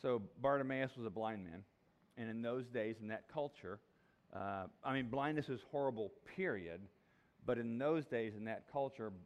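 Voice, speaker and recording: A male pastor preaching a sermon in a conversational, jokey, emphatic way. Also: lowish voice.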